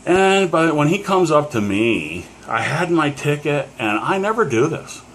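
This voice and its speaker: A man's voice: on the high side, sing-song, a little slow, fairly bright tone, slight background noise. A middle-aged man from Pennsylvania telling a story casually to the camera, rambling with many fillers and chuckles. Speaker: collector.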